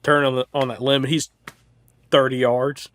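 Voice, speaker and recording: A young man with a Southern US accent, co-hosting a casual chat and telling a hunting story in an animated way, full of "like" and restarts. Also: medium pitch, moderate pace. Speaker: podcast co-host.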